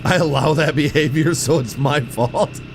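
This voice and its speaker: Over a noisy background, a young man livestreams a game, talking casually and laid-back with viewers he keeps calling "chat," tossing in "dude" a lot. His voice is fairly high and his pace moderate.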